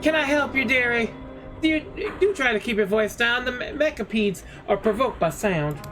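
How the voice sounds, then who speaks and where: A man's voice: very high voice, lively intonation, normal speed. A man voicing a prim middle-aged woman librarian who calls people dearie, sweet but guarded. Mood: sweetly prim. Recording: game music playing underneath.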